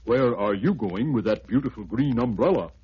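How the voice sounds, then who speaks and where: A man voicing a big, slow, gruff male elephant in a storybook record, speaking slowly and grumbling. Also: medium pitch, expressive. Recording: dull lo-fi record with music.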